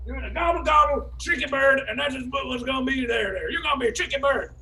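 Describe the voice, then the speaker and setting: A man doing an absurdist stand-up bit at an open mic, rambling and repeating himself in broken folksy grammar, with halting fillers and sudden shouted bursts. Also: extremely high pitch, far from the mic, poor audio.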